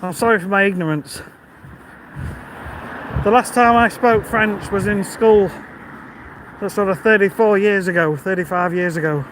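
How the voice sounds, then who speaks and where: Man in his fifties, high-pitched. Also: moderate pace, long pauses. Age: 50s. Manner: chatty, friendly, reads out viewer comments. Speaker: vlogger. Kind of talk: casual live-stream chat while walking. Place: outdoors by a busy road in the evening. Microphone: phone held while walking. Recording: outdoor phone recording with traffic noise.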